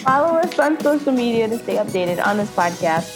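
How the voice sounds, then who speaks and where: A woman's voice: a little high, big pitch swings, fairly quick, music in the background. A woman co-hosting a film podcast, chatting playfully and wrapping up the episode. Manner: playful, chatty, wraps up the show. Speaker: podcast co-host. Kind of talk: casual film podcast chat.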